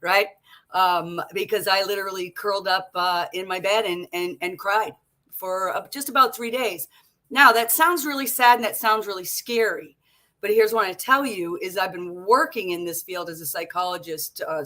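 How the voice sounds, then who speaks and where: A woman's voice: medium pitch, moderate pace. A woman in her sixties, a psychologist and coach, speaking frankly and vividly as a panel guest. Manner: frank, animated storyteller. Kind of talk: casual panel talk.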